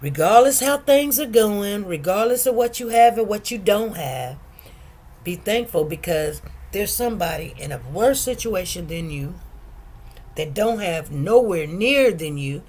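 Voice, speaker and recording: A woman's voice: mid-range voice, a little slow. A woman hosting a casual live chat, reading out viewer comments and telling stories in a chatty, earnest way. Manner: chatty, animated, exclaims over food; soft-spoken, earnest storytelling.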